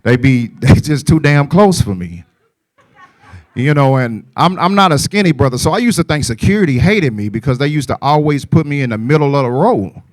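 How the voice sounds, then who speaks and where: A male comic and emcee with a fairly high voice, chatting loosely and turning to the crowd with asides. The sound is dry and close, with no room around it. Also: animated, moderate pace, no echo. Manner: casual storytelling with rhetorical asides to the crowd. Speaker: comedian and emcee. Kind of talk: stand-up comedy.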